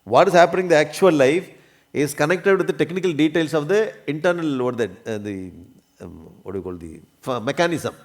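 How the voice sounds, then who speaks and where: A man's voice: fairly high pitch, animated, a little fast. A man teaching a spiritual discourse, often checking that listeners follow and coughing now and then. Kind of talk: religious discourse.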